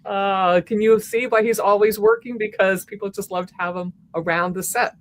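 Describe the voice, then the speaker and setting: A woman hosts a casual conversation. She responds to her guest with warm appreciation. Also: medium pitch, steady tone, normal speed, slight background noise. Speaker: host. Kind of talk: casual interview.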